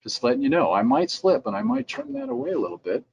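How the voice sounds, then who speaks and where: A man's voice: high-pitched, huge pitch swings, fast talker, creaky, highs cut off, slight background noise. A middle-aged man giving a conversational instructional talk for dentists, sometimes acting out their replies in quotes. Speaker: dental lab president giving a training talk. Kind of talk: instructional presentation.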